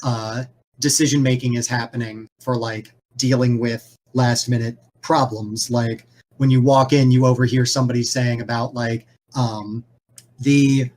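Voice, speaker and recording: Man, game master, casual narration, rambling, filler words, medium pitch. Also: little pitch movement, measured pace, a little mellow.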